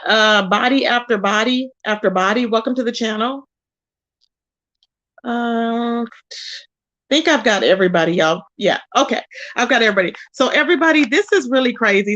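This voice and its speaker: A woman's voice: on the high side, fairly bright tone, highs cut off. A woman hosting a casual livestream, talking to her chat. She greets viewers by name, calls them baby, and repeats herself in disbelief to stress a point. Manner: exclaims in disbelief, repeats phrases for emphasis. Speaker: livestream host.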